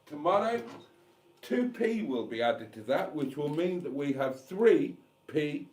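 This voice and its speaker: A man's voice: a little high, lively intonation, a little slow, a little mellow. Man, head cold, live stream host, chatty, repeats himself, reads out chat comments. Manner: chatty, repeats phrases, dry self-mocking asides. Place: caravan with gas fire.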